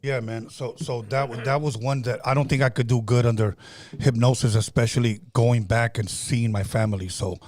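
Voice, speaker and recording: A man's voice: mid-range voice, fairly even intonation, moderate pace, darkish tone. A man hosting a casual podcast, telling a story in a rambling way with many restarts. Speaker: podcast host.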